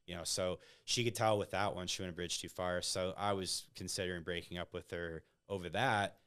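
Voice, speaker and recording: A man's voice: deep voice, fairly even intonation, fairly quick, hardly any pauses, a bit bright, clean tone. A man, a podcast guest, telling personal stories in a casual conversational way, often tagging "like" and "right?" onto his sentences. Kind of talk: casual interview storytelling.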